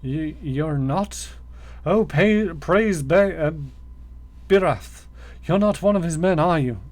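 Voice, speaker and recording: A man's voice: fairly high pitch, slow pace, darkish tone. A man voicing a frightened, beaten captive who pleads nervously for help, read aloud from a game. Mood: pleading.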